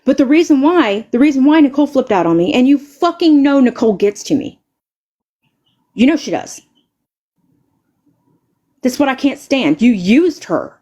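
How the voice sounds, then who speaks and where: A woman's voice: sits high, big pitch swings, normal speed, pauses often, dark tone, muffled recording. A woman live streamer delivering an angry, confrontational rant, stammering and repeating words and swearing heavily.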